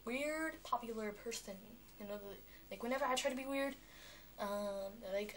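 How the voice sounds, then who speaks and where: A woman's voice: a little high, moderate pace, a little hiss or hum. Chatty young girl rambling on camera. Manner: chatty, animated, full of fillers. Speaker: vlogger. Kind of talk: rambling vlog monologue.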